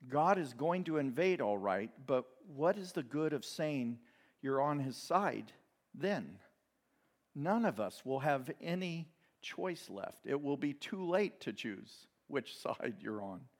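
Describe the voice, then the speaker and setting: A man of middling pitch preaches a sermon. He keeps it conversational, dropping in asides and the odd chuckle as he talks to his congregation. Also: big pitch swings, slow. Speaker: pastor.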